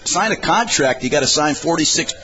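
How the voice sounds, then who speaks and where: A man's voice: fairly high pitch, expressive, a little fast, pushed and bright, slight background noise. Emphatic male former coach on sports radio. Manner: emphatic, blunt coach-like talk. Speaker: guest analyst, former coach. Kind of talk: sports talk radio chat. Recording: slightly dull radio recording.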